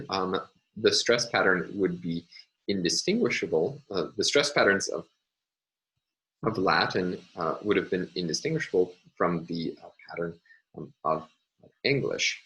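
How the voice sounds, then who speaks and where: Male lecturer with a deep voice, measured and hesitant, for a recorded lesson. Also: lively intonation, bright, forceful tone, low-quality recording. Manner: hesitant, many ums and uhs, explanatory. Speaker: university lecturer.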